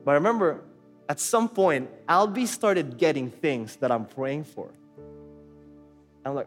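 With a fairly high pitch, a slightly slow delivery and long pauses, a Filipino-accented man preaches and relates a personal experience. He speaks candidly and casually, mixing Tagalog into his words. Faint music and crowd sounds fill the reverberant hall around him.

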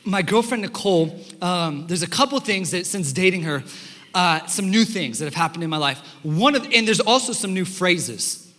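A young man preaching a sermon as pastor, telling stories in an animated, conversational way with fillers, in a church sanctuary. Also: high voice, moderate pace. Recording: long hall reverb in a church.

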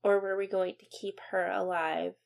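A young woman recounts a painful family memory on her podcast. She speaks haltingly, with many fillers and restarts, and goes quiet and subdued at the hardest moments. Her pitch sits in a middle range. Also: fairly even intonation. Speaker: podcast host. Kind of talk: personal storytelling.

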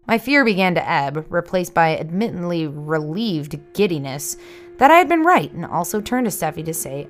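Brief: woman, low-pitched, hushed and tense horror narrator, soft music bed. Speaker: storyteller. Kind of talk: first-person scary story narration.

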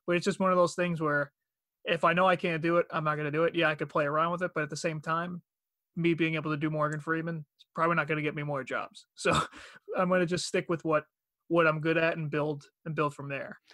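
A man's voice: a little high, little pitch movement, quick pace, fairly bright tone, no room sound. Easygoing Long Island man, dry sound. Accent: Long Island New York. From Long Island, New York. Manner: easygoing, laughs often. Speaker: podcast guest, banker and voice actor. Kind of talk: casual podcast chat.

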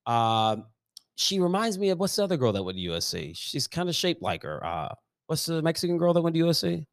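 A man's voice: fairly high pitch, sing-song, fairly quick, no echo, clean studio sound. A man co-hosting a casual golf podcast, enthusiastic and rambling, often trailing off mid-thought. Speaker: podcast co-host.

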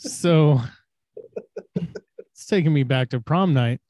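Young male podcaster, loose and vulgar, dry close mic, acts out yelled lines. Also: a little high, slow pace, no echo. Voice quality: loose and profane, acts out shouted quotes. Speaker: podcast co-host. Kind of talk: crude casual storytelling.

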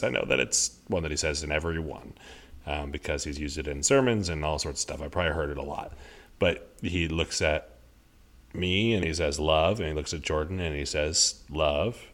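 A man in his thirties co-hosts a podcast in casual conversation, his deep voice a bit bright. He is earnest and reflective, frequently restarting sentences and circling back as he works through an idea.

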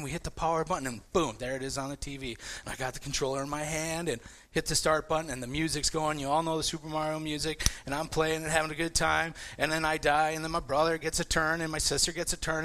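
A man in his forties preaching a casual sermon, telling animated personal stories with many restarts and repeated words. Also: on the high side. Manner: repetitive restarts, animated storytelling.

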